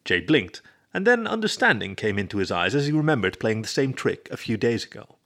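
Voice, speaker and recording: A man reading a story aloud as narrator in a steady storybook manner. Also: medium pitch, a little fast. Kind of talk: scripted narration.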